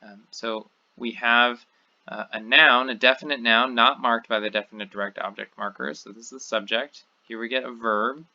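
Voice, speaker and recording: A man with a drawl lectures at an easy, methodical pace, repeating terms so they sink in. His tone is very bright and forward. The recording sounds dull and lo-fi. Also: medium pitch, fairly even intonation, moderate pace. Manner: methodical, repeats key words and phrases. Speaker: teacher.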